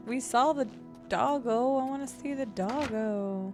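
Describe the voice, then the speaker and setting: A woman's voice: on the high side, normal speed. A woman streamer giving casual, playful commentary while she plays a video game, chatting to viewers and humming sing-song filler noises. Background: game music.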